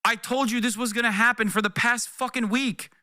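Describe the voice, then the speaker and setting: A man's voice: extremely high pitch, fairly even intonation, brisk, bright, forceful tone, no room sound. A man streaming live reaction commentary, talking in a profane, sarcastic and exasperated way. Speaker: political streamer.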